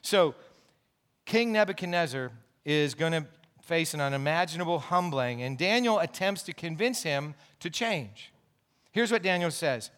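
A man's voice: on the high side, lively intonation, moderate pace, a bit bright. A man pastor preaching a sermon in an earnest, explaining way, with asides and restarts.

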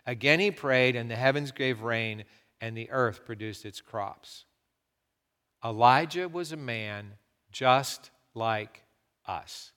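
Animated preacher in a big echoing hall. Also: male voice, fairly high pitch, smooth. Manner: storytelling, animated, swings from loud to hushed. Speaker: pastor. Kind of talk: sermon.

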